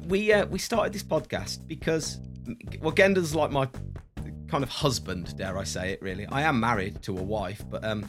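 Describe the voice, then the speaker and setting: A man co-hosting a podcast, joking and bantering in casual chat. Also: mid-range voice. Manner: jokey, lively banter. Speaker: podcast co-host.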